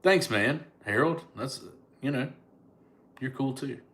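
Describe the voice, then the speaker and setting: A man's voice: mid-range voice, slow pace, a bit bright, slight background noise. A joking man from Alabama with a Southern accent, chatting casually on a live stream and answering comments. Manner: joking, laid-back, teasing. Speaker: comedian and online host.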